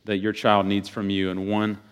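Man preaching, loud then hushed. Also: fairly low pitch, moderate pace, clear, resonant tone. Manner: animated preaching, swinging between loud bursts and quiet, hushed passages. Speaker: pastor. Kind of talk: sermon.

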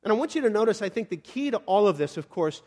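A man's voice: high voice, big pitch swings, quick pace. A male pastor preaching a sermon, telling the story dramatically with chatty asides and sudden drops to a near whisper. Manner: dramatic storytelling, swinging from hushed to shouting; conversational asides.

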